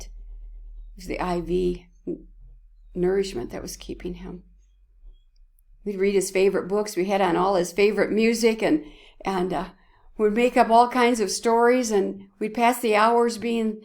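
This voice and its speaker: Woman church speaker, heartfelt devotional, slow delivery, slips into whispers. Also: medium pitch, creaky, darkish tone. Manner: emotional, often dropping to a whisper.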